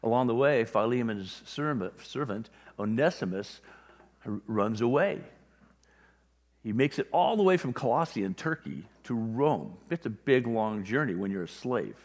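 A man's voice: medium pitch, expressive, a little slow, darkish tone. A man preaching a sermon in a conversational way, briefly acting out the voices of people he describes. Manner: conversational, acts out little quoted voices. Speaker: pastor. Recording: long hall reverb.

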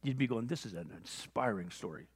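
A man's voice: fairly low pitch, a little fast, breathy edge. Guy pastor preaching in a big church, acts out the convos, long echo on it. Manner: animated storytelling, acting out conversations. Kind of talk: sermon. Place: church sanctuary. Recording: long hall reverb.

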